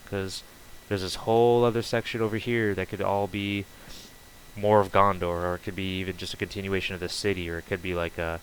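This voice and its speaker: A man's voice: low-pitched, flat delivery, a little fast, a little hiss or hum, poor audio. A man casually chatting while streaming a game, rambling loosely with many fillers and restarts. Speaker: streamer building on a game server.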